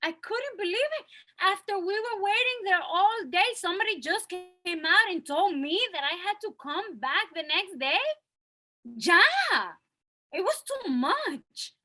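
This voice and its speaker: A woman's voice: extremely high pitch, lively intonation, measured pace, pushed and bright, heavily acted, poor audio. An actress playing a young working mother who speaks in a confessional monologue and slips Spanish words into her English. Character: young working mother, Cristela, holding back tears. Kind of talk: stage monologue acting.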